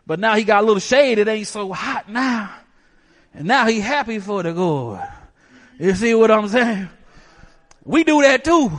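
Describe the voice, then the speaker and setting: A man with a very high voice preaches a sermon, driving his points home with rhetorical questions. His voice rings out with a long hall reverb trailing behind each phrase. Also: fairly bright tone.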